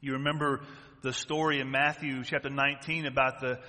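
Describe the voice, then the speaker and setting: A man's voice: fairly high pitch, steady tone, a little fast, sharp tone. A man preaching a sermon as pastor, emphatic and full of rhetorical questions. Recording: long church-hall reverb.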